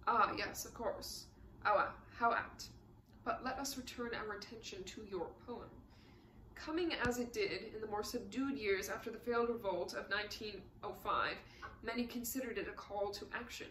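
A woman's voice: mid-range voice, moderate pace, pushed and bright, echoey room, a little hiss or hum, close to an everyday voice, low-quality recording. A woman reading as a stern Soviet prosecutor. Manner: clipped, interrogating. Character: stern male Soviet prosecutor, cold and probing.

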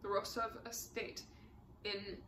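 A woman's voice: mid-range voice, level tone, takes it slowly, pushed and bright, echoey room, a little hiss or hum. A woman voicing a witty, unflappable aristocratic count who answers with dry, polite humor. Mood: droll.

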